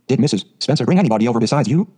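Stern, sharp-tongued middle-aged farm woman, played by a male reader. Clipped lines, mellow husky tone. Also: medium pitch, animated, very fast. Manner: curt, sharp, matter-of-fact.

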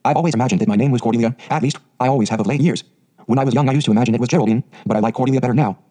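A man's voice: mid-range voice, very fast, warm tone, natural voice. A man voicing an eager, talkative orphan girl of eleven who speaks in dreamy, dramatic phrases.

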